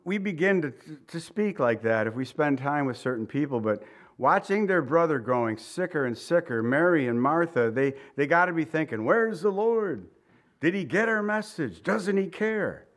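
A male pastor giving a conversational sermon. He reads scripture, repeats key phrases for emphasis and drops into quiet asides. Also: a little high.

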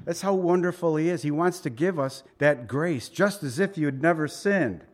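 A man with a fairly high voice preaches a conversational Bible-teaching sermon at a moderate pace. He opens in prayer, then explains scripture with emphasis and side remarks.

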